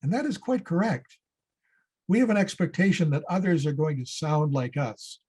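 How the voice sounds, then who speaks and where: A man, a former citizenship judge, giving a measured, earnest prepared speech at an awards event. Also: on the high side, big pitch swings, darkish tone, breathy edge. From Canada. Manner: measured, earnest civic address.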